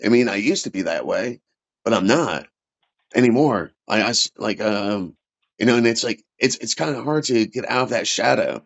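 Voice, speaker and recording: A man venting about his care as a veteran, agitated and halting, restarting and swearing often. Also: on the low side, animated, vocal fry. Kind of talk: casual emotional chat. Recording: dull lo-fi sound.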